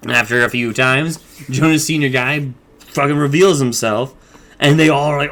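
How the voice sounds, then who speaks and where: A man's voice: mid-range voice, steady tone, fairly bright tone. A man casually recapping a cartoon episode, rambling and swearing as he tells it. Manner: rambling, profane, quick retelling with acted quotes. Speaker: show recap vlogger.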